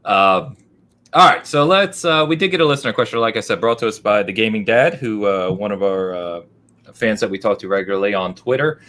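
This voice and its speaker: Upbeat low-voiced male podcast host. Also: a bit bright. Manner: upbeat, quick affirmations. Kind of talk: casual podcast chat.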